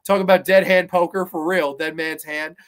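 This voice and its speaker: A man casually reviewing horror TV on his podcast, his voice sitting fairly high for a man. He rambles through plot recaps, swearing freely and restarting his sentences with plenty of fillers. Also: moderate pace. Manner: animated, profane, rambling, many fillers and restarts. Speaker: podcast host.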